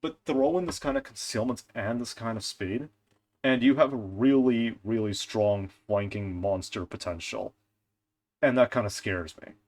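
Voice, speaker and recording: A young man talks through game details into a desk mic in a loose, animated way. His voice sits at an ordinary middle pitch. He rants, trails off and restarts as he thinks aloud. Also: moderate pace. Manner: animated, ranting, frequent fillers and restarts. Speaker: gaming content creator. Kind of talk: casual commentary on game ship stats.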